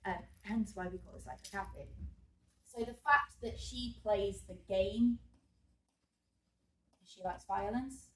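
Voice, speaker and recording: A woman's voice: mid-range voice, takes it slowly, long pauses, a bit bright. A woman, a drama teacher, talking through a revision lesson in a chatty way, thinking aloud and correcting herself as she goes. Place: room at school. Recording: roomy echo, mic at a distance.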